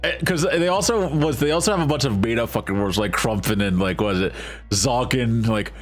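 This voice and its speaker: A man's voice: mid-range voice, brisk, soft background music. A man streaming a game, chatting casually, rambling and swearing freely with self-deprecating jokes. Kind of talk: casual gameplay commentary.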